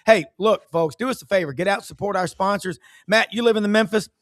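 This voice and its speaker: A middle-aged man hosting a casual sports talk show, folksy and quick to agree. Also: high-pitched, a bit bright, no echo, clean studio sound. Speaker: show host.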